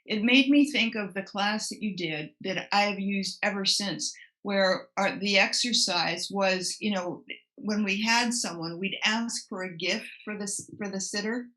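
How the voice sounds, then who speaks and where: A woman's voice: medium pitch, unhurried, bright, forceful tone, low-quality recording. A woman student in a mediumship class, asking a question thoughtfully and restarting as she works it out. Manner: thoughtful, restarts while working out her question.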